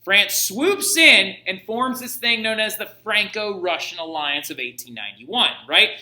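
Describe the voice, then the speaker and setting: A male history teacher giving a lecture in an animated, jokey and digressive way. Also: sits high, unhurried, reverberant, poor audio. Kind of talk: recorded classroom lecture.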